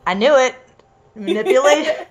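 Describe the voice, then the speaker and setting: A woman's voice: high voice, animated, moderate pace. A young adult woman co-hosting and theatrically reading fiction aloud for laughs. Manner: giggly, theatrical. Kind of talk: comedic dramatic reading.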